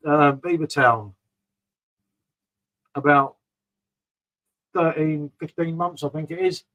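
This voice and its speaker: A man's voice: fairly high pitch, a bit bright, low-quality recording. Rambling man chatting with viewers. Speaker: beer vlogger reading live chat. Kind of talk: casual live-stream chat.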